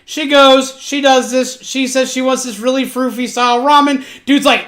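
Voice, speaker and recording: A woman streamer casually retelling an anime plot, animated and full of profanity. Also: high-pitched, normal speed.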